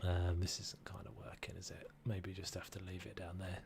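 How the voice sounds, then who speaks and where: A man's voice: deep voice, flat delivery, a little fast, creaky, background noise. Chatty man streaming a game. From United Kingdom. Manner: rambling and chatty, talking to chat while he plays. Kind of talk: casual gaming livestream commentary.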